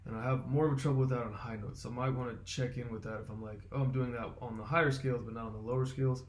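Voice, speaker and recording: A man talking through his vocal warm-up routine, explaining step by step and thinking aloud with fillers. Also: medium pitch, fairly even intonation, very fast. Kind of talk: casual instructional vlog.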